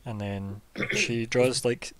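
A man running a tabletop game as game master, his voice mid-pitched and ordinary. He narrates casually and loosely, with plenty of fillers. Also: steady tone, slow pace, noisy background.

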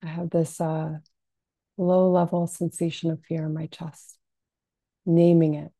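A woman with a low, dark, gravelly voice leads a gentle guided self-soothing lesson at an unhurried pace. She speaks softly and calmly, with frequent fillers, and the sound is dry and close. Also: dry recording. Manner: soft, unhurried, calming delivery with frequent fillers. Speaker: compassionate inquiry practitioner.

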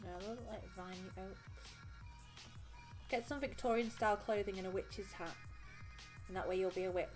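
A woman chats through a live game stream at an ordinary middle pitch, rambling and giggly with loose fillers. Her talk is casual and unscripted. Faint music plays underneath. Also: steady tone, normal speed, long pauses. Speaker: streamer and host.

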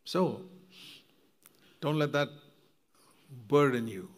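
Gravelly-voiced man preaching earnestly. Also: fairly high pitch, a little slow, long pauses. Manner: earnest, conversational preaching with rhetorical questions. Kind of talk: sermon.

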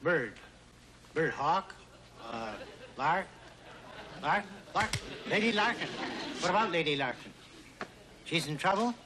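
An actor playing a quick-witted courtier who guesses aloud in an amused, conspiratorial way. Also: male voice, a little high, expressive. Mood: guessing. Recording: noisy old TV recording.

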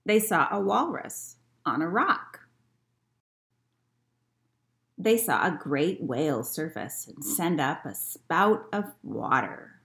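A woman librarian reading a picture book aloud to children in an expressive storytelling manner. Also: sits low, takes it slowly, gravelly, hardly any pauses.

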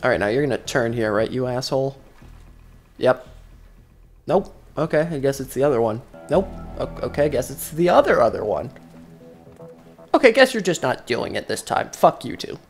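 A man doing casual gameplay commentary, jokey and profane, breaking into loud excited outbursts. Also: medium pitch, moderate pace, long pauses, faint music behind. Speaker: gaming commentator. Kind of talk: casual let's-play commentary.

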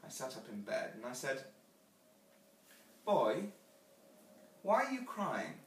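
A man voicing Wendy, a gentle, wistful grown-up mother, speaking softly and tenderly in a hushed voice. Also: medium pitch, huge pitch swings, takes it slowly. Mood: fond. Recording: echoey room, from far off.

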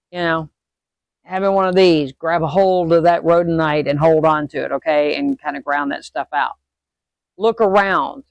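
Hosting a witchcraft lesson, this woman speaks in a deep voice at normal speed with no echo around her. Her tone is casual and teacherly, she checks in with "okay?" and "all right?" nearly every time she makes a point, and she livens up when playing out sudden feelings.

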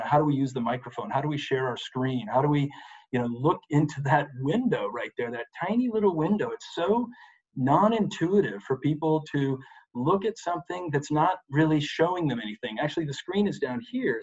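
A middle-aged advocacy and presentation coach leads a webinar for lawyers from his home office, speaking energetically and driving points home by repeating "you've gotta." His medium-pitched voice is a little mellow and slightly rough, picked up by a desk microphone with lo-fi sound.

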